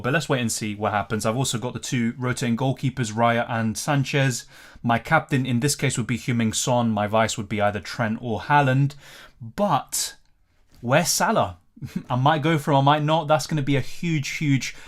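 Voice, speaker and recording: A man hosting a live fantasy football Q&A stream, chatting casually, thinking aloud and answering viewer comments. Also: mid-range voice.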